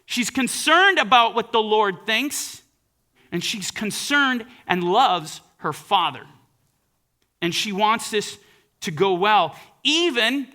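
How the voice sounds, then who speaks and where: A man's voice: high-pitched, animated, a little slow, bright, forceful tone. A male preacher giving a sermon in an earnest, emphatic way, often reading scripture aloud.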